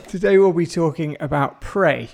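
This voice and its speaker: A man co-hosting a casual podcast, his slightly high voice carrying a gravelly edge. He chats easily and laughs a lot between points. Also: a little slow, a little mellow. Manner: giggly, laughs often. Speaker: podcast co-host.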